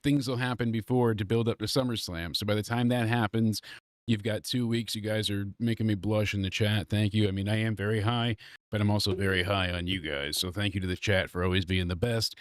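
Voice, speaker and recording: A man's voice: on the low side, no echo, clean studio sound. A congested man hosting a live stream, talking loosely and profanely in casual chat. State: congested from allergies. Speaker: wrestling review livestream host.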